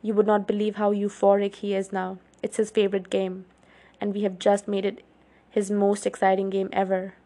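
A woman reading a story aloud, voicing a brooding young male vampire who is protective and grim, speaking low and even. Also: normal speed, close to an everyday voice.

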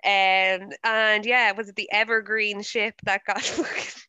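A young Irish woman co-hosting a podcast, telling stories in an animated way, swearing and laughing a lot. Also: medium pitch, measured pace, smooth, no room sound, dull audio. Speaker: podcast co-host. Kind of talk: casual chat.

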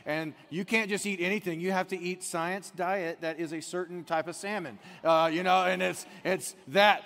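A man preaching a sermon as pastor, chatty and animated as he tells stories. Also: sits high, normal speed, creaky, few pauses, in a large hall. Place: church.

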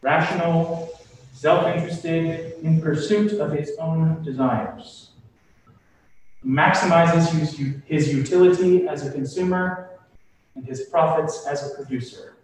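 A man preaching a sermon in a slow, deliberate, emphatic way. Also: on the high side, slight background noise. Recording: echoey room from far off.

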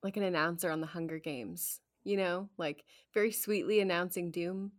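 A young woman co-hosting a casual Bible study podcast, laid-back and quick to laugh. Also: on the low side, fairly even intonation. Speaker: podcast co-host.

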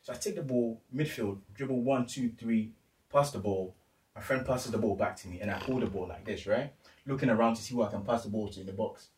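A young man from the UK telling a story in casual chat, animated and acting out what people said. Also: on the low side, a little fast, a little hiss or hum. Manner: animated, acts out quotes, lots of slang fillers. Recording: roomy, distant mic.

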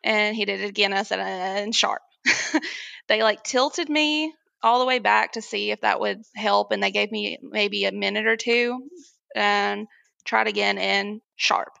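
A young woman candidly telling a personal story as a guest, animated and often laughing as she acts out what others said. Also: medium pitch, measured pace, creaky, dry recording.

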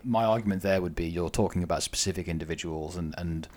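A man with a very low voice talks in a relaxed podcast conversation. He reasons in a measured way, weighing each side before settling on a view. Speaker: podcast co-host. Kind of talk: casual discussion.

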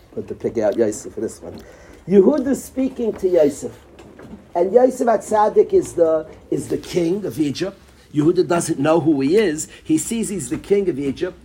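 A man teaching a Torah class, mixing Hebrew phrases into his English and swinging between soft and loud as he tells the story. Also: high voice, a little hiss or hum.

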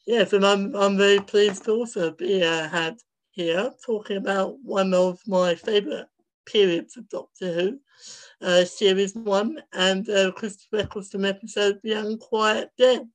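A man's voice: high-pitched, fairly even intonation, measured pace, poor audio. A young man, a podcast guest, chatting casually with a rambling, hesitant flow. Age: young adult. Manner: rambling, lots of fillers and restarts.

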